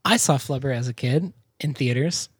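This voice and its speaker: A man's voice: medium pitch, moderate pace, slightly rough, no echo, clean studio sound. A man on a casual podcast telling an anecdote with wry humor. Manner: wry storytelling. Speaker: podcast co-host.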